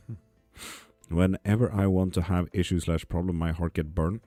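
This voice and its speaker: Male tarot streamer, very low mellow voice, sardonic and swearing, dry close sound. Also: steady tone, normal speed, dry recording, faint music behind. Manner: profane, sarcastic, laughs often. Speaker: live tarot reader and stream host. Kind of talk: casual live-stream chat, reading comments aloud. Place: apartment.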